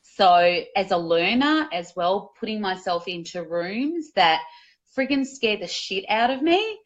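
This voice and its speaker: A woman's voice: medium pitch, lively intonation, measured pace, dull audio. A woman, a guest in a conversational interview, talking candidly and energetically about speaking, with casual swearing.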